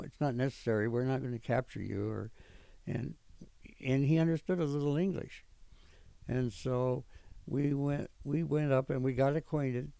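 An older man recalling his army days in an oral history interview, rambling and pausing often with fillers. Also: medium pitch, gravelly, mellow, dry recording. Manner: rambling storytelling with frequent pauses and fillers. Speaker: veteran interviewee.

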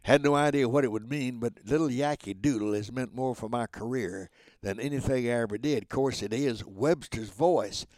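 A man's voice: mid-range voice, moderate pace, a little mellow, no room sound. A man in his nineties from Oklahoma, a voice actor chatting as a guest in a cheerful, talkative way. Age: 90s. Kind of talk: casual interview chat.

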